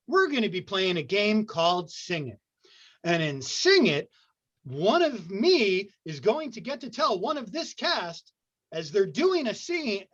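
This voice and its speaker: A man's voice: high-pitched, a bit bright. Jokey man hosting an online show. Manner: jokey, rambling. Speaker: improv show host. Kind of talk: playful show hosting over video call. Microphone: video call. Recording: muffled lo-fi video call audio.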